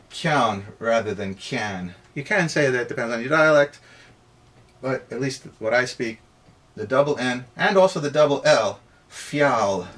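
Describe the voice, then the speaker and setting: A man teaching pronunciation, repeating sounds slowly and emphatically for students to drill. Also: mid-range voice, a bit bright, slight background noise. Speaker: Irish language tutor. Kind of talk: pronunciation lesson.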